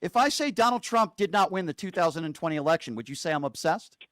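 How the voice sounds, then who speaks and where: Guy host w a high voice yelling down a caller, insults, keeps interrupting, dry close sound. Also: lively intonation, fast, no echo. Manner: repeats questions insistently. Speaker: call-in show host. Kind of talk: combative call-in debate.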